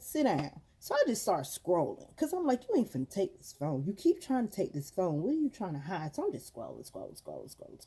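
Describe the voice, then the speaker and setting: A woman ranting to her viewers in a casual vlog, telling a story animatedly, acting out what she said and calling the audience girl and y'all. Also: fairly low pitch. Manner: animated storytelling, acts out quotes. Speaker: mom vlogger.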